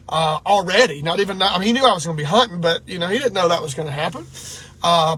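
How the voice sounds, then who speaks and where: A man's voice: high voice, a bit bright, breathy edge. A middle-aged man from Georgia, telling a hunting story in a rambling, choked-up way. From Georgia, USA. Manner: rambling, restarts and repeats himself, choked up. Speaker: deer hunter. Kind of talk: emotional storytelling vlog.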